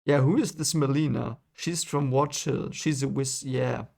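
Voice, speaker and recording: A man's voice: mid-range voice, a little slow, gravelly, a little mellow. Emotional man reacting to a book. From Germany. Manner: emotional, reactive, swears and apologizes. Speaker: channel host reading a book aloud. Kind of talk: first-time reading reaction.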